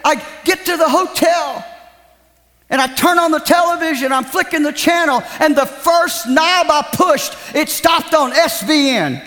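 A preacher doing an astonished excited traveler. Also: male voice, very high voice, voice pushed up, heavily acted. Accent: Southern American. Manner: raised, astonished, fast. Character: excited male traveler telling a wonder. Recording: reverberant hall, faint crowd.

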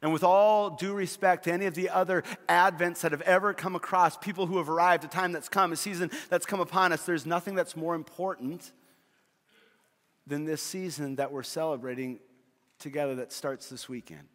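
Preaching with humor, a middle-aged pastor tells stories and frequently restarts his phrases. His voice is a little high and a bit bright, with fairly even intonation and normal speed, and long hall reverb fills the recording.

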